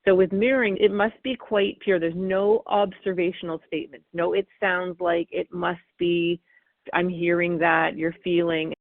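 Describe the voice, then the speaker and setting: A woman parenting expert answering interview questions, animated and acting out what parents and children say. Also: on the low side, moderate pace, no echo. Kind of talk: interview answers, explaining technique. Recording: phone-like dry call audio.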